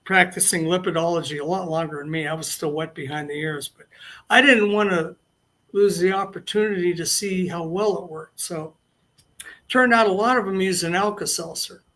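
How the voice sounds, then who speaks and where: A man's voice: high voice, fairly bright tone. An older man telling long anecdotes as an interview guest, rambling and restarting his sentences. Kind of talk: casual storytelling interview.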